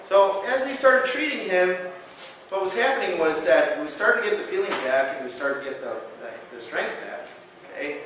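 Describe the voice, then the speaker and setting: A man lecturing as a chiropractor at a conference, telling a patient story with lively acted-out quotes. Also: normal speed, a little hiss or hum. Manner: animated storyteller, acts out quotes with big pitch jumps. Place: conference hall. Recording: very echoey hall, voice from far off.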